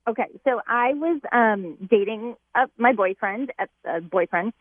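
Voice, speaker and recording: A woman's voice: fairly high pitch, expressive, unhurried, no room sound. A woman calling into a radio show, telling a personal story in a chatty way, laughing between words and saying "like" often. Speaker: caller. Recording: tinny phone line.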